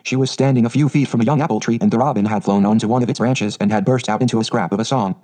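A man reading a storybook aloud in a steady, even narrating voice. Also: mid-range voice, very fast. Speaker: audiobook narrator.

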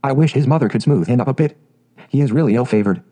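A haughty, high-born old duck looking down her beak at the newcomers in a storybook. A man gives her a mellow, warm tone and a calm, even delivery. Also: fast, lightly acted. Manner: haughty, disdainful.

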